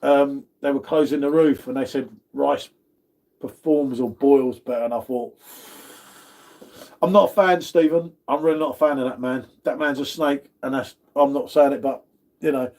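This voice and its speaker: This British livestream host speaks at normal speed in a mid-range, slightly mellow voice with vocal fry and fairly even intonation. He keeps things casual and chatty, reading viewer comments and calling everyone "mate."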